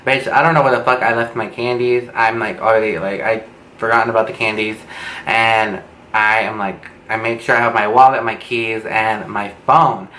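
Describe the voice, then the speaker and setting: Young guy spilling a storytime, bright voice, echoey room, bit of noise behind. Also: moderate pace. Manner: animated, swearing, acts out quotes with jumps in pitch. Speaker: vlogger. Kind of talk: storytime vlog.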